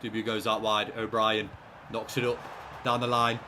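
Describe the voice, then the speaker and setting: A man giving lively play-by-play commentary on his own video game, swinging from quiet muttering to shouting at the big moments. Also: fairly low pitch, moderate pace, a little hiss or hum. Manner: excitable, shouts at goals, banter. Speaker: gaming YouTuber.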